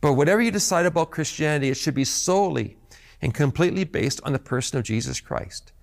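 A man's voice: a little high, animated, quick pace, creaky. A man preaching a sermon as pastor, earnest and emphatic, often repeating words as he restarts phrases.

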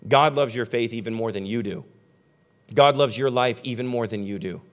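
A young man preaching a sermon as pastor, talking animatedly and conversationally, then dropping to soft, earnest tones. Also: medium pitch, normal speed. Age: young adult.

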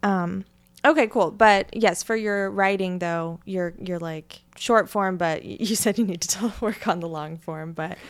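Woman host, mid pitch, chatty and laughs a lot, easy podcast talk. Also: unhurried. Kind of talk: casual chat.

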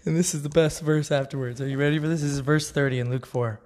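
A man's voice: a little high, steady tone, fast talker, a little mellow. A man giving a casual devotional talk, earnest and conversational, often laughing. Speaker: Christian speaker.

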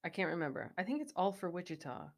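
A woman in her forties with a Midwestern accent, co-hosting a podcast in casual chat, playful and quick to laugh. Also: fairly low pitch. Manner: laughs often, animated and playful. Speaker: podcast co-host. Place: recorded in Wichita, Kansas.

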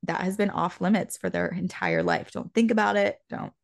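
A woman's voice: fairly low pitch, moderate pace, creaky, no echo, studio quality. A young woman co-hosting a podcast, telling a personal story in a casual, chatty way with many fillers. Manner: animated, chatty, frequent "like" fillers. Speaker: podcast co-host.

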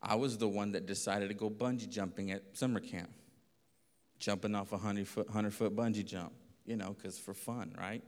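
A pastor telling a lively story in a sermon, acting out voices and laughing often. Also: male voice, on the low side, moderate pace. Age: adult. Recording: long reverb of a hall.

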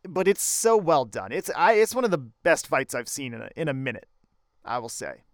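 Enthusiastic man with a smooth voice. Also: medium pitch, big pitch swings, normal speed, no room sound, clean studio sound. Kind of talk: casual chat reviewing an anime film.

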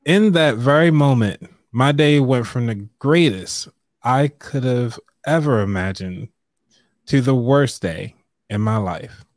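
A man hosts a live-stream money show in a loose, easygoing way, clearing his throat and reading aloud from a book. His voice is mid-pitched and sits dry and close, with little room sound. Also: animated, slow pace, dry recording.

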